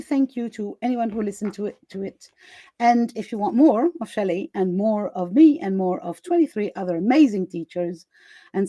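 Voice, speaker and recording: On a lo-fi, echo-free recording, a woman with a mid-range, dark-toned voice hosts a live summit chat via video call. She keeps it casual and chatty, laughing often and full of fillers and restarts.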